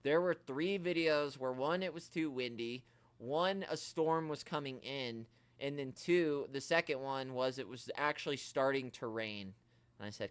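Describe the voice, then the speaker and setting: A man hosting a casual toy-collecting livestream, chatting and ranting in a joking, animated way, quoting others in mock voices. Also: medium pitch, measured pace, clear, resonant tone, dry recording. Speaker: toy collecting channel host.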